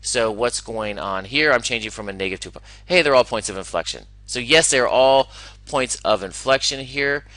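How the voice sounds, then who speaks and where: A man teaching a recorded math lesson, enthusiastic and talking himself through each problem with quick asides. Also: mid-range voice, pushed and bright, no room sound, low-quality recording.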